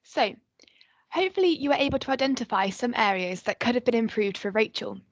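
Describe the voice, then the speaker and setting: A woman presenting a volunteer training workshop in a calm, instructive way. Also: on the high side, fairly quick, no room sound, muffled recording.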